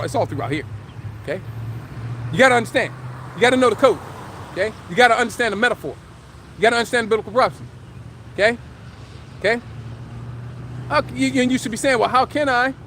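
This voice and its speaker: A man with a strikingly high voice preaches a live religious teaching. He talks emphatically, fires rhetorical questions and stretches and shouts the scripture he reads. Faint traffic hums behind him. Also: fast talker, pauses often. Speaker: street preacher.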